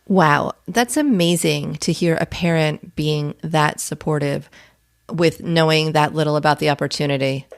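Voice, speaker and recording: A woman with a fairly low voice hosts a podcast interview. She reacts to her guest's stories with encouraging questions. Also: moderate pace. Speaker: podcast host.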